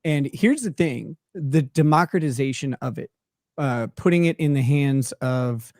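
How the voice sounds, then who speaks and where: A man's voice: mid-range voice, lively intonation, measured pace, darkish tone, no echo, clean studio sound. A man hosting a podcast, telling crude joking stories in casual chat over a streaming setup. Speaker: podcast host. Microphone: streaming call setup.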